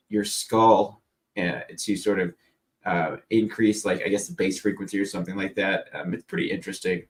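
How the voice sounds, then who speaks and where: A man with a very deep voice talks casually in a group chat. He meanders and hesitates as he goes.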